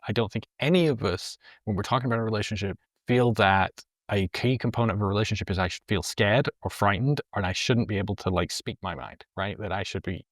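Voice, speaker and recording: A man's voice: fairly low pitch, no room sound, studio quality. A man appearing as an educator guest on a podcast, talking in earnest, emphatic bursts. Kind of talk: casual conversational podcast.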